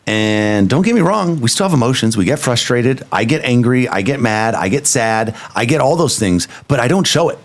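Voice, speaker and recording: A man's voice: mid-range voice, animated, moderate pace, few pauses. A man co-hosting a podcast with his wife, talking in a casual, emphatic, easygoing way. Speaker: co-host, husband. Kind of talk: casual couple's podcast chat.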